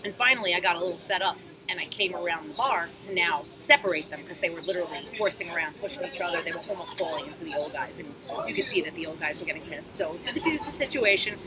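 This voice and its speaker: A woman, a bartender and guest telling lively, blunt, profane stories at an outdoor table. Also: lowish voice, quick pace, few pauses. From Astoria, Queens, New York. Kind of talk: animated storytelling in casual conversation. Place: outdoors at a street-side table. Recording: street traffic noise outdoors.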